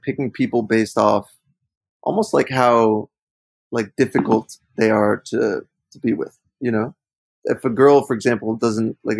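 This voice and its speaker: A man's voice: medium pitch, gravelly, slightly rough, no echo, poor audio. A man in his thirties co-hosting a casual podcast, talking in a reflective, frank way with plenty of "like" fillers. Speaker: podcast co-host.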